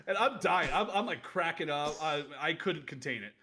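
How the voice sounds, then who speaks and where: A man in his late thirties with a slightly high voice tells old stories from his wrestling days in a loose, rambling way. He keeps cracking up as he talks in a casual podcast chat. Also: expressive, normal speed, sharp tone, a little hiss or hum. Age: late 30s. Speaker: podcast co-host, former wrestler.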